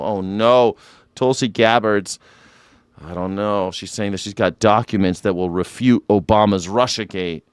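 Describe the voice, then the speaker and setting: A man's voice: fairly low pitch, clean tone, dry recording. A man hosting a live news reaction show, talking in a sarcastic, irreverent way and swearing freely.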